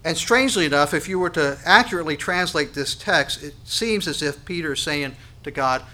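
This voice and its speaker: A man preaching a sermon, emphatic and full of rhetorical questions, swinging from quiet to loud. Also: on the high side, expressive, a little fast, few pauses. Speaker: pastor.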